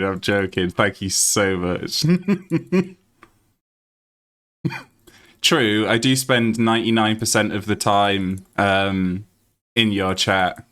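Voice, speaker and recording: A British man streaming a game and chatting to his viewers. His voice sits a little low, but he gets excitable, laughs often and swears freely. It is loose, unscripted live-stream talk. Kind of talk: live-stream chat while gaming.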